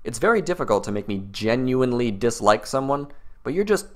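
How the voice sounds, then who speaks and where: A man's voice: big pitch swings, fairly quick. A man hosting a commentary video, rebutting clips in a mocking, exasperated tone. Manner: mocking, exasperated, mimics opponents in high voices.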